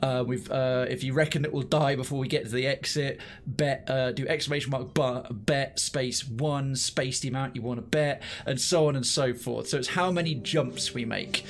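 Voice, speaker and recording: A young man giving animated, swearing live gameplay commentary and thinking aloud. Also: medium pitch, moderate pace, few pauses, a little hiss or hum. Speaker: streamer.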